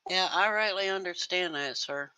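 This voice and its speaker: A woman's voice: on the low side, normal speed, bright, forceful tone, smooth, low-quality recording. A woman player in a tabletop game who speaks as her western character in an easygoing way. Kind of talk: in-character role-play.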